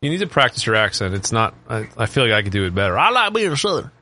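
A man's voice: on the low side, very fast, sharp tone. A man co-hosting a podcast in casual chat, mocking what he watches with sarcastic remarks. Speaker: podcast co-host.

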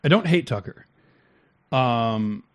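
A man co-hosting a casual talk show, candid and trailing off softly at the ends of thoughts. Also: medium pitch, animated, slow pace, smooth, dry recording. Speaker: podcast co-host. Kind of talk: casual chat reacting to a clip.

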